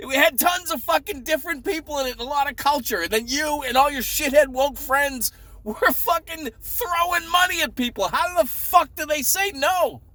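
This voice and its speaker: A man with a Boston accent telling a story in a profane, sarcastic, animated rant. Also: very high voice, normal speed, dry recording. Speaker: vlogger. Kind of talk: ranting story time.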